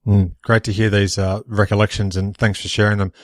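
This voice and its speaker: A man's voice: fairly low pitch, little pitch movement, brisk, no room sound, clean studio sound. A man hosting an interview, asking long, earnest questions. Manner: earnest, wordy questioning with fillers. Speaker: podcast host.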